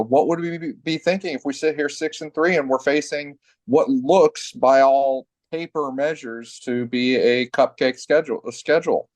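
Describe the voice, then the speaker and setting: A man's voice: medium pitch, darkish tone, no echo. A man hosting a sports podcast in casual chat, talking in long rambling runs full of fillers and restarts. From New England family.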